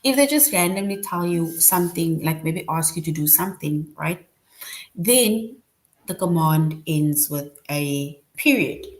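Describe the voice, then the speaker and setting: Patient woman teaching grammar, low voice. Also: expressive, measured pace. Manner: explains patiently, often checks with "right?". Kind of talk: online grammar lesson.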